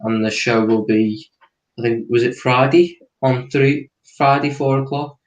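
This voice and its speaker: A man's voice: medium pitch, steady tone, measured pace, echoey room, lo-fi sound, slight background noise. A man co-hosting a football stream, explaining tactics and walking through player positions. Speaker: tactics analyst co-host. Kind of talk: casual tactical breakdown.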